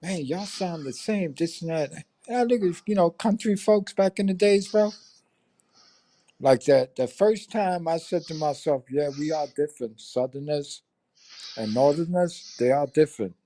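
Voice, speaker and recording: An older New York man with a matching accent co-hosts a livestream, trading stories in casual, profane street talk. His voice sits on the high side with a dark tone, moving at a moderate pace with no echo.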